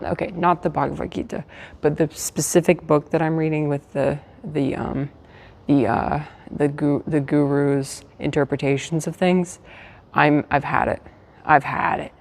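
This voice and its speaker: A woman's voice: low voice, darkish tone. A woman from the United States chatting casually on a live stream from a hotel room, rambling with lots of fillers and restarts. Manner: trying to keep her voice down. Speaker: livestreamer.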